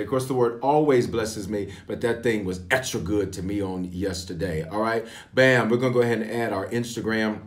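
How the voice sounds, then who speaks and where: Lively pastor hosting a livestream. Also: male voice, on the low side, normal speed. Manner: lively, call-and-response greetings to viewers. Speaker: pastor leading online prayer.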